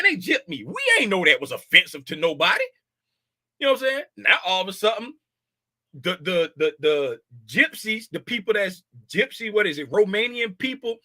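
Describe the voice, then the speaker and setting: A man's voice: high-pitched, sharp tone, breathy edge, dry recording. A man in his fifties hosting a casual trading livestream, joking and slangy and laughing often. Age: 50s.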